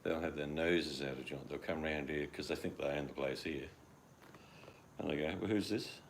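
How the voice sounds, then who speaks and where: A man's voice: extremely low pitch, flat delivery, normal speed, a little hiss or hum. An older man with an Australian accent chatting casually at home, rambling and acting out his dogs in quoted voices. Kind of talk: casual chat.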